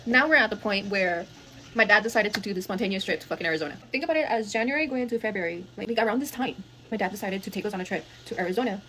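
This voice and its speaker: A young woman from Texas telling a wild family story in a fast, profane, animated way, acting out the dialogue. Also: mid-range voice, a little hiss or hum. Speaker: guest storyteller. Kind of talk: casual storytelling.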